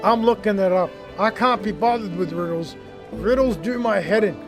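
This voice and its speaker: A young man streaming a game, chatting casually and rambling, often getting worked up and loud. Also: high-pitched, moderate pace. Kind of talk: casual livestream gaming chat. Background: game music.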